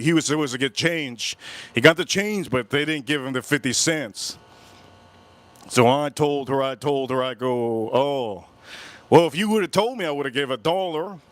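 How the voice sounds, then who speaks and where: On his livestream, a whiskey channel host based near Miami, USA, drags out a rambling story, saying things over again and animatedly impersonating the people he quotes. His voice runs a little high, and there's no room sound.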